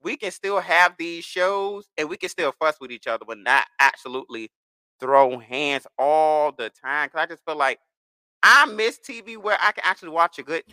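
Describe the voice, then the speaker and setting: A young man in casual podcast chat, animated, rambling and profane. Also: a little high, normal speed, clean tone, dry recording, studio quality.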